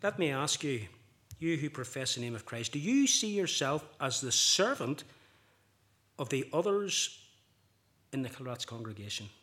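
A man preaching a sermon, impassioned, building louder and higher on key points and acting out quoted speech. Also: sing-song, moderate pace, long pauses. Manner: acts out quoted speech vividly.

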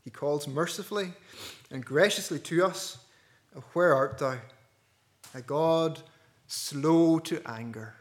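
A man preaching a sermon earnestly, dropping to a hush and rising to loud stresses. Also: on the high side, slow pace, long pauses. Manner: earnest, with wide swings between hushed and loud.

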